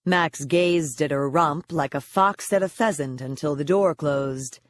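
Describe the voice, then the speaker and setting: Low-voiced woman narrating an audiobook. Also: unhurried. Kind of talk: scripted narration.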